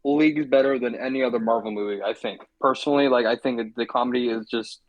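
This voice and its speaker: A man's voice: medium pitch, dull audio. A man co-hosting a podcast, chatting easily about a movie and chiming in with agreement. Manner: relaxed, agreeable, quick to jump in. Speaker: podcast co-host. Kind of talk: casual movie review chat.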